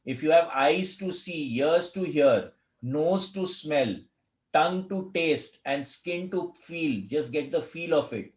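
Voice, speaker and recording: A man's voice: on the high side, slow. A man leading a study group, explaining insistently and repeating his points over a video call. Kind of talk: teaching commentary. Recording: roomy video call audio.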